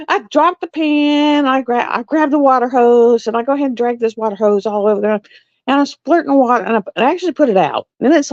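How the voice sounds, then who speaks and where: Her voice on the high side and darkish in tone, a middle-aged woman spins a meandering tale for her live stream audience and keeps breaking into laughter. The recording is dry, captured through a phone or webcam, with dull, slightly lo-fi stream sound.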